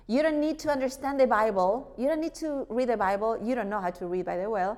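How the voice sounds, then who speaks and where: A woman teaching a church group about worship music, lively, asking rhetorical questions. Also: fairly high pitch, fast talker. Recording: long hall reverb.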